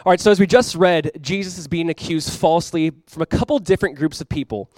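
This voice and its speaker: A man's voice: a little high, fast talker, hardly any pauses, darkish tone, dry recording. A young man preaching a sermon as pastor, telling stories in a casual way and acting out quotes with animation.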